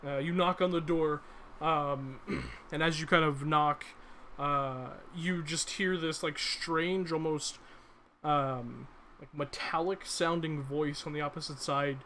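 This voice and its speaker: A man's voice: fairly high pitch, fairly even intonation, slow pace, sharp tone, a little hiss or hum. A man narrating as game master of a tabletop game, hesitant with many fillers.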